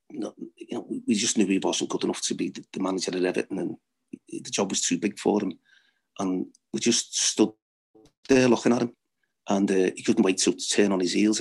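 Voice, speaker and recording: A man's voice: on the low side, creaky, breathy edge. A middle-aged man, a former footballer, telling blunt, swearing anecdotes and laughing at his own stories. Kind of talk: anecdotal storytelling.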